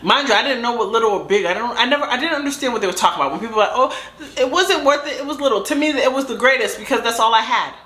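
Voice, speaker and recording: Young female storyteller, animated and slangy, bright tone, roomy echo. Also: on the high side, racing, few pauses. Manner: animated, dramatic retelling with slang. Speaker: storytime vlogger. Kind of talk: casual storytime chat.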